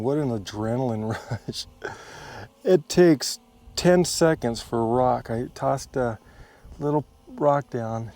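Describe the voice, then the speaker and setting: American man, mellow voice, chatty travel vlog, outdoors on a handheld camera. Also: mid-range voice, vocal fry. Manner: chatty, easygoing, with fillers and laughs. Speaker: travel vlogger. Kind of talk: casual vlog narration. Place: outdoors on a desert cliff and campsite. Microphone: handheld action camera.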